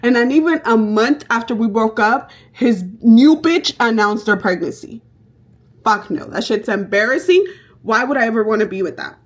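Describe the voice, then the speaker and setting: A young woman vlogger chatting through her makeup routine, telling stories in a brash, profane, animated way. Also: fairly high pitch, normal speed. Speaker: beauty vlogger. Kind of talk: casual get-ready-with-me chat.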